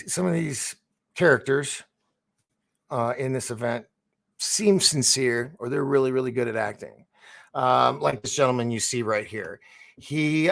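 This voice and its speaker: This livestream host has a medium-pitched, gravelly voice with a slightly bright edge. He reads the chat in a loose, rambling, talkative manner, often breaking into laughter.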